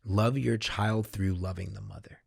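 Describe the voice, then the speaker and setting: A man, a podcast guest, candidly recounting a personal experience in casual, profanity-laced talk that grows animated when he quotes himself. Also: on the low side, unhurried, vocal fry, husky, dry recording, clean studio sound. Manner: swears freely, animated when quoting himself. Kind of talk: candid conversational storytelling.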